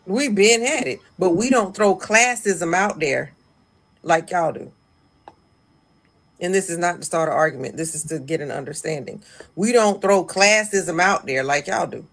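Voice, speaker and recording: A woman's voice: on the low side, moderate pace, gravelly, fairly bright tone. A woman in an online clip speaking insistently, lecturing her listeners. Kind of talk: online video commentary.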